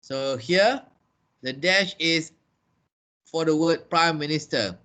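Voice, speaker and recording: High, bright-voiced trainer. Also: male voice, slow pace. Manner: repeats key points, explanatory. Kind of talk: classroom lesson. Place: training room with a class.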